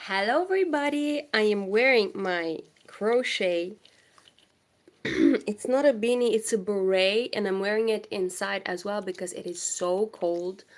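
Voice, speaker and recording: A woman's voice: medium pitch, unhurried. A young woman with a cold, chatting casually with viewers of her crochet livestream from home. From Moldova. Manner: chatty, distracted, greets viewers. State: has a cold. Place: home indoors.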